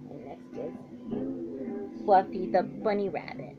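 A woman's voice: on the low side, lively intonation, unhurried, highs cut off, music in the background. A woman in a casual show-and-tell vlog, announcing her handmade puppets one by one and giving them animal noises.

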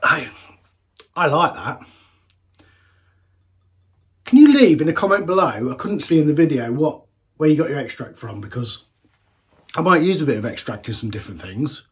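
Chatty homebrewer tasting beer. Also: male voice, a little high, sing-song, moderate pace, pauses often. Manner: chatty and rambling, with self-corrections. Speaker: homebrewer reviewing beers. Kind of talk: casual beer-tasting vlog.

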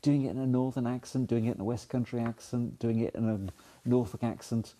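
A man's voice: medium pitch, steady tone, a little fast, dark tone. A man working as a news reporter, narrating a report and putting probing questions to his interviewees.

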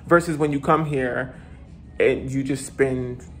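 A man's voice: mid-range voice, fairly even intonation, measured pace, soft background music. A man giving a casual, gushing vlog tour of a hotel room, chatting to viewers and exclaiming over every detail. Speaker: travel vlogger.

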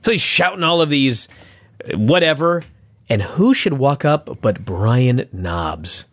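A man's voice: lively intonation, a little slow, fairly bright tone, dry recording. A man co-hosting a casual chat, ranting in exasperated, profane bursts. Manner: exasperated, profane, ranting with sudden high outbursts. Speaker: podcast co-host.

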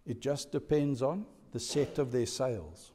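A male pastor, preaching a sermon in an animated, playful way. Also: mid-range voice, measured pace, a little hiss or hum. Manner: animated, playful, code-switching. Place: church. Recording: long church reverb.

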